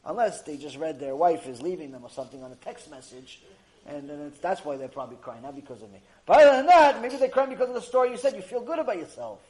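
Animated high-voiced male rabbi lecturing. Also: quick pace, rough recording. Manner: animated, repetitive, acts out the people in his stories. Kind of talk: Torah lecture storytelling.

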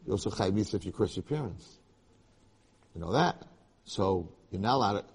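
A man giving a Torah lecture to a live audience, telling stories with animated, rising emphasis. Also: on the low side, a little fast, husky. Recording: lecture hall with long reverb.

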